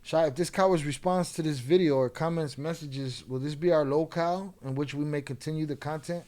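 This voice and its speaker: A man's voice: fairly high pitch, a little fast, dark tone. A man hosting his own channel, delivering an angry, profane, taunting commentary rant at a rival. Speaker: channel host.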